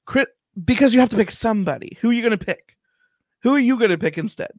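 A man co-hosting a casual chat, defending his view with easy laughs and exasperated questions. His voice is high, and the sound is dry and close to the mic. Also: lively intonation, quick pace, dry recording. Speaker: co-host. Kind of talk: casual banter.

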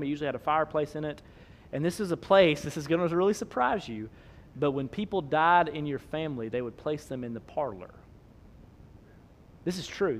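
A man, preaching a sermon, swinging between loud emphasis and soft low asides. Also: slight background noise. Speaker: pastor.

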